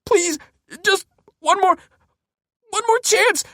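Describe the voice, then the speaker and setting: A man's voice: very high-pitched, takes it slowly, fairly bright tone, dry recording, studio quality, voice pushed up, exaggerated voice. A male narrator voicing a terrified young man who pleads desperately, his voice cracking upward. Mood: pleading.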